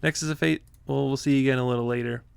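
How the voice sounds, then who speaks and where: Man with a gravelly voice narrating gameplay. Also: mid-range voice, fairly even intonation, fast talker, dry recording. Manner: chatty, easily flustered, laughs often. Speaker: gaming content creator. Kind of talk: live gameplay commentary.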